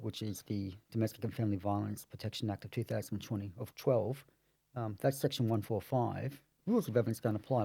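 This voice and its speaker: A man working as a family lawyer, explaining court procedure in a measured, lawyerly way on a podcast. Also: on the low side, creaky, warm tone, breathy edge, no room sound.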